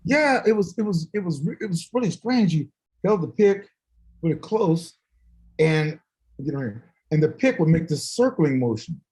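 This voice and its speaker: A man in a casual chat tells stories with lots of laughter and acts out the people he quotes. His voice sits a little high for a man and swings a lot from line to line. He sounds like he is on a video call. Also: moderate pace, rough recording. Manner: animated, laughing storyteller who acts out quotes. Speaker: guest musician.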